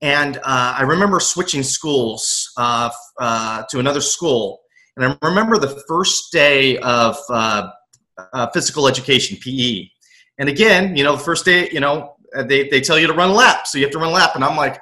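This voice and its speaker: Earnest man with a bright voice. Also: medium pitch, lively intonation, moderate pace, low-quality recording. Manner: earnest storyteller who acts out his younger self. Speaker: guest, aspiring motivational coach. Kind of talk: personal story in an interview.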